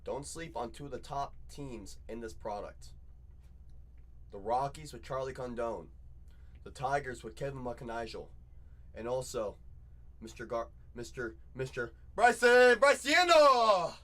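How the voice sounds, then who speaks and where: A man's voice: medium pitch, measured pace, pauses often. A man hosting a live card break, hyping sales in a chatty, repetitive way and saying y'all a lot. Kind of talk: live-stream sales hype.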